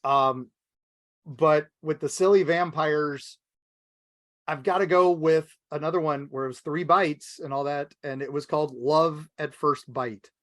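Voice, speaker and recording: A man co-hosting a podcast in casual chat, rambling and animated as he retells movie scenes. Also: a little slow, no echo, studio quality. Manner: rambling, animated, acts out movie lines in a high voice. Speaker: podcast co-host.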